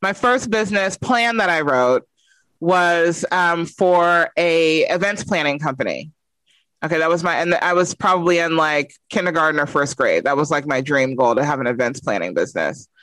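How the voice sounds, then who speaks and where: A woman telling a funny childhood story in a casual chat, animated and laughing as she goes. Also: low voice, moderate pace, no room sound, rough recording. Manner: animated, laughs through her stories.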